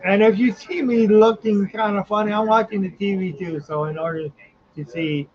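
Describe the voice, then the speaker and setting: A man's voice: high-pitched, moderate pace. A man hosting a live watch party, chatting casually and rambling with lots of fillers. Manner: rambling, filler-heavy, yawning. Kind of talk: casual live game chat. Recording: dull lo-fi sound.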